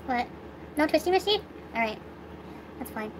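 A woman's voice: sits high, expressive, moderate pace, background noise. A young woman vlogging, venting in an upset, swearing rant with sighs. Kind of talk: angry venting vlog.

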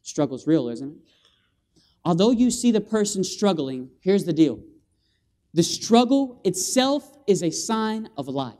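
Speaking slowly in a high voice, a guest preacher gives an animated, lively evangelistic sermon in a church sanctuary. He calls for amens from the congregation and acts out scenes with vocal sound effects.

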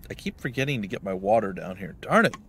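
A man's voice: on the low side, big pitch swings, fast talker, a bit bright, breathy edge. A man casually commenting while playing a game, chatty and self-deprecating. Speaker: let's play host.

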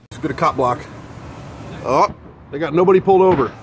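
A man chatting casually in a vlog from his car, swearing, barking and yelling out loud, then apologizing for his outbursts. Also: fairly high pitch, big pitch swings, fast, faint music behind. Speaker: vlogger.

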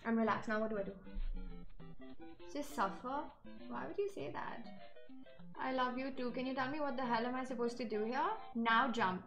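High-voiced Indian woman streaming a game. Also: normal speed, long pauses, music in the background. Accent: Indian English. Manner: exasperated, talks to chat and scolds herself. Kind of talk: live gameplay commentary.

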